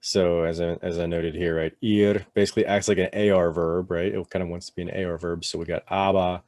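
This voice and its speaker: A man teaching a relaxed, casual lesson, with many fillers and "right?" tags as he explains step by step. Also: low-pitched, fairly quick, no room sound. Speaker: Spanish teacher.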